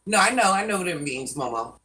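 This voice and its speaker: A woman's voice: fairly low pitch, lively intonation, fast, sharp tone, distant mic, poor audio. An older woman hosting a live stream, scolding commenters by name and chatting with viewers. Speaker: livestream host.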